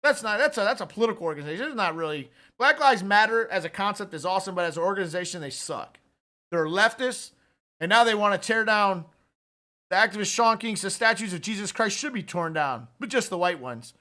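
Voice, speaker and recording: A man with a high, bright, forceful voice rants through political commentary. He sounds fired up and talks casually, straight to his listeners, like he's calling out to a buddy. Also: lively intonation, fairly quick. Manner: fired-up, ranting delivery; conversational, addresses listeners directly with "man".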